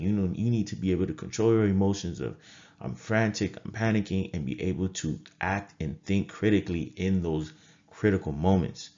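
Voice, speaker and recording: A trading coach who is also a critical care nurse gives a motivational coaching talk straight to camera in a very low, darkish voice. He speaks emphatically, hammering points home by repeating phrases, and the sound is dull and lo-fi.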